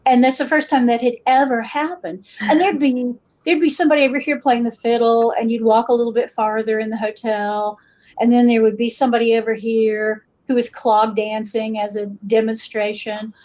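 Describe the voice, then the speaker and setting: In a relaxed interview, a woman folklorist with an Appalachian accent from western North Carolina spins stories, voicing quotes in animated asides. She talks at a moderate pace in a higher voice, and the podcast recording is dull and lo-fi.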